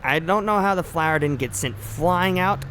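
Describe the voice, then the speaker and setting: A man's voice: a little high, normal speed, a bit bright, a little hiss or hum. Rambling man streaming a game. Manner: rambling, filler-heavy joking asides. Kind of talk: casual gameplay commentary.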